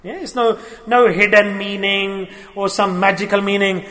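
A man's voice: high-pitched, steady tone, moderate pace, a bit bright, in a large hall. A man teaching his Sufi students in an earnest sermon, repeating his key phrases.

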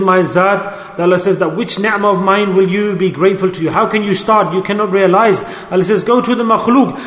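A man preaches a sermon in a high voice, stretching his phrases into a sing-song cadence. His voice rings around a large, echoey hall with a long reverb tail.

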